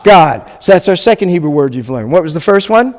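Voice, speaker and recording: With a slightly high, sing-song voice and a somewhat quick pace, this rabbi's speech carries a big-room sound. He teaches Hebrew to a live class in a classroom or hall, spelling things out with patience and often checking in with the students.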